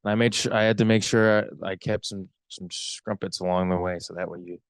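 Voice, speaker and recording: A young adult man co-hosting a podcast, chatting casually in a halting, rambling way. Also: low-pitched, fairly even intonation, smooth, dry recording. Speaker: podcast co-host. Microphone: close podcast mic.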